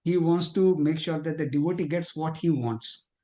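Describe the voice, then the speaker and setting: A man's voice: on the high side, moderate pace, warm tone. Thoughtful man sharing a point in class. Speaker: class participant. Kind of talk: discussion in online class.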